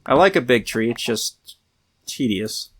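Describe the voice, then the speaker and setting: A man's voice: mid-range voice, expressive, measured pace, a little hiss or hum. A man hosting a game livestream, chatting casually and rambling with frequent laughs and trailing asides. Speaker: livestream host playing a game. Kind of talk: casual chat while gaming.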